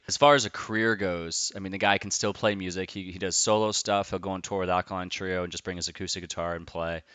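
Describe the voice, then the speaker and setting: Deep-voiced, bright, crisp podcast host. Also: male voice, no echo. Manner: loose, enthusiastic, swears freely, rambling asides. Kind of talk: casual podcast intro monologue.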